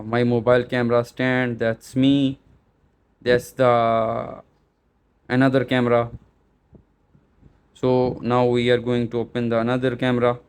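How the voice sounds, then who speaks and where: A man's voice: mid-range voice, smooth. A man walking viewers through setting up a camera step by step, hesitant with many fillers and restarts. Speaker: tech tutorial presenter. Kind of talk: step-by-step setup walkthrough. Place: small store.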